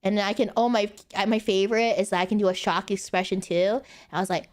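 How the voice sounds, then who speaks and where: A woman's voice: medium pitch, fairly even intonation, fast talker. A young woman streaming casually, rambling playfully and laughing often. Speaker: VTuber streamer. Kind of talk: casual live-stream chat.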